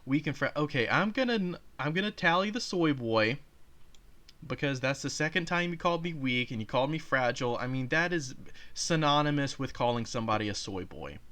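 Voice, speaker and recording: A man's voice: mid-range voice, lively intonation, brisk, fairly bright tone. A man hosting a reaction video, talking casually, swearing and defiant. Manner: profane, sarcastic, defiant. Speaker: YouTube host.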